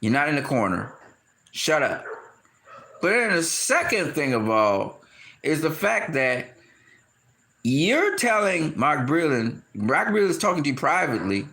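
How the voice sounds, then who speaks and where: A man giving a casual, animated boxing opinion rant, often laughing and acting out quotes in high shouted voices. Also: unhurried. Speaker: boxing commentator.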